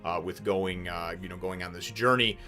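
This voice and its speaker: Rambling low-voiced man reviewing a manga. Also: moderate pace, faint music behind. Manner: rambling, lots of fillers and restarts, animated bursts. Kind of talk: casual chapter review.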